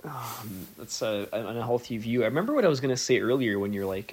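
A man co-hosting a podcast in casual chat, laid-back and quick to laugh. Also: mid-range voice, lively intonation, breathy edge. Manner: laid-back, laughs easily, says "yeah" a lot. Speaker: podcast co-host.

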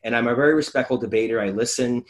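A man, a physiotherapist hosting a casual podcast chat, animated and acting out his talks with patients. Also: medium pitch, fast talker. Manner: animated, acts out conversations with patients.

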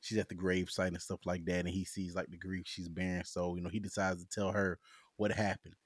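A man's voice: low-pitched, a little fast, slightly rough, no room sound, studio quality. A man in casual chat, telling stories with lots of laughter and acting out what people said. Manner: animated storyteller, acts out quotes with laughs.

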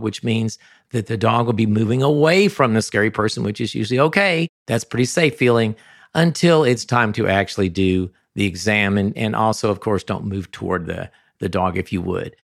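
A man's voice: fairly low pitch, normal speed, gravelly, no echo. A man hosting a podcast, giving dog-training advice in an emphatic, sometimes ranting monologue into a close mic.

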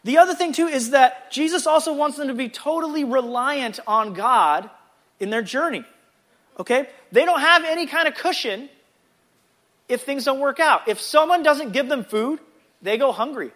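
A man teaching a casual Bible lesson in a chatty, animated way, with jokey asides. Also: extremely high pitch, moderate pace.

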